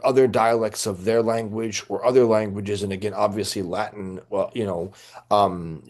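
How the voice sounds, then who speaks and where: A man's voice: on the low side, darkish tone. A middle-aged man, a priest teaching church history, lecturing informally and rambling with many fillers and restarts. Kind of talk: informal lecture answering questions.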